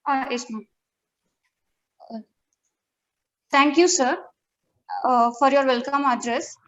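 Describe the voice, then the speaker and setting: A woman's voice: sits high, takes it slowly, a bit bright, lo-fi sound, a little hiss or hum. A woman hosting a webinar in a polite, formal manner, addressing people as sir and ma'am. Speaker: webinar host and moderator. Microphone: video call.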